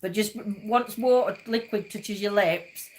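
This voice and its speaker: A woman's voice: mid-range voice, unhurried, slight background noise. Woman hosting a casual livestream, rambling and giggly. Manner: chatty and rambling, laughs often. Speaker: livestream host. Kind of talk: casual chat.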